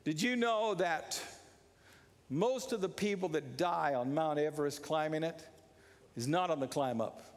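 A pastor preaching an impassioned sermon, repeating his points and rising to shouts. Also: on the high side, a little slow. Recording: long reverb of a large hall.

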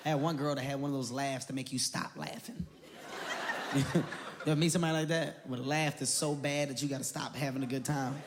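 A young man doing an animated, profane stand-up routine on stage in front of a live audience. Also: medium pitch, a little fast. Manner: animated, loud and profane, jumps into voices. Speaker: stand-up comedian. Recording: live comedy club with audience noise.

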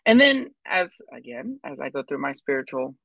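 A woman's voice: a bass voice, sing-song, normal speed, gravelly, dry recording, muffled recording. A woman co-hosting a podcast, telling a personal story in casual chat and acting out the people she quotes. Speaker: podcast co-host.

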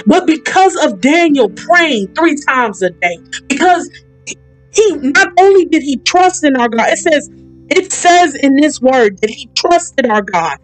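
An excitable woman gives a casual, rambling Bible talk for a podcast, her voice high and bright. Soft music hums faintly underneath. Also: a little slow, poor audio. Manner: excitable, rambling, uses y'all. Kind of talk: casual preaching.

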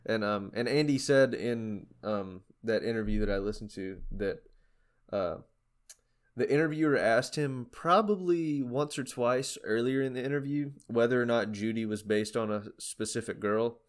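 A man's voice: mid-range voice, normal speed. A young man co-hosting a casual podcast, rambling with many fillers and restarts as he retells an interview. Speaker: podcast co-host. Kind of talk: casual chat about music.

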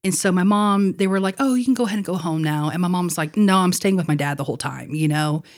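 A young woman with a fairly low voice tells a personal story on a podcast. She is chatty and laughs often, and her speech is full of casual fillers. The feel is a relaxed conversation between co-hosts. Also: fast. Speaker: podcast co-host.

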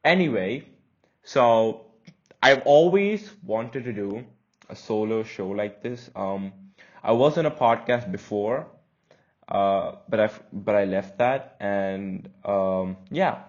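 A man's voice: fairly low pitch, expressive, slow, muffled recording. A young man from India with an American-leaning accent, hosting a casual solo podcast in a chatty, rambling, self-conscious way. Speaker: podcast host.

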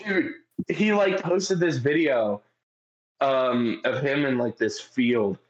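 A podcast co-host with a mid-range voice chats loosely. He gets excited telling stories, laughs often and swears casually. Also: mid-range voice, takes it slowly, highs cut off.

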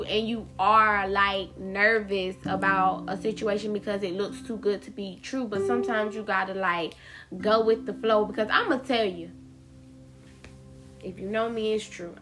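A candid woman hosts her own podcast, talking straight to her listeners with a loose, profane delivery where the words run together. Clear plucked guitar music plays behind her throughout. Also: a little high. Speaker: podcast host. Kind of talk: casual solo podcast monologue.

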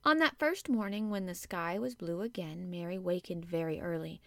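A woman reading a classic children's novel aloud, measured and gentle. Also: lowish voice, creaky, no echo. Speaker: audiobook narrator. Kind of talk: storybook narration.

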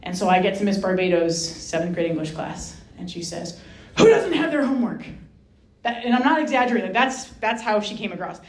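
A woman from Rhode Island, a Franciscan sister, telling a personal story as a guest speaker, lively and self-mocking, acting out the voices in her story. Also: fairly low pitch, brisk, hardly any pauses. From Rhode Island, USA. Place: hall with an audience. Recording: roomy echo.

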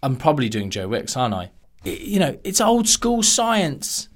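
A man's voice: fairly high pitch, huge pitch swings, normal speed. A man hosting a solo podcast, ranting sarcastically and mocking other people in put-on voices. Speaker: podcast host.

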